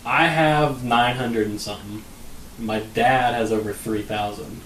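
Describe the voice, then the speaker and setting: A man's voice: medium pitch, steady tone, a little slow, a bit bright, slight background noise. Laid-back guy, distant roomy mic. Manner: rambling, laid-back, trails off with fillers. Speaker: podcast co-host. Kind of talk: casual chat.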